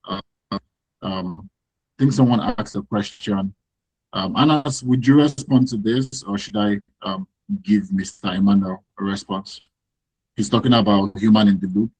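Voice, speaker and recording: A man hosting an online workshop over a video call, talking hesitantly with many pauses and fillers. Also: lowish voice, fairly even intonation, darkish tone, slightly rough, dry recording, rough recording. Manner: hesitant, many ums, friendly. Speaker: workshop host.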